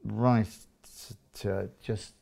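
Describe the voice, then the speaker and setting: A man's voice: lowish voice, fairly even intonation, very slow, gravelly, warm tone. A man in his fifties from England, a guest in an interview, chatting casually and acting out little dialogues with many restarts.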